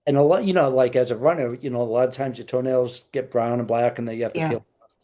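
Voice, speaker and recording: A man's voice: medium pitch, steady tone, quick pace, dark tone. A man, a podcast guest, telling anecdotes in an easygoing, storytelling way. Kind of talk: podcast interview.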